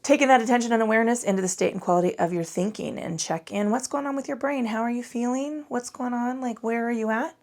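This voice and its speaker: Talking fast with hardly any pauses, this woman has a fairly high, darkish voice. She's a yoga instructor running a casual class over a microphone, chatty and profane, full of rambling asides and tired from little sleep.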